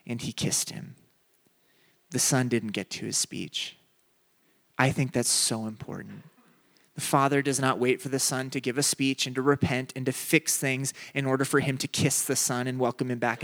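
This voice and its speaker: A young adult man delivers a sermon, telling a funny personal story as his voice rises sharply before it drops low and soft for the message.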